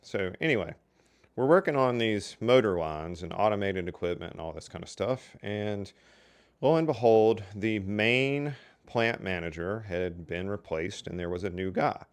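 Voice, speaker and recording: A man's voice: on the low side, lively intonation, moderate pace, clean tone. An older man telling casual stories from his working life in a folksy, chatty way. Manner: folksy and chatty, with lots of "so anyway" and "you know". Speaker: storyteller. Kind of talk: casual storytelling.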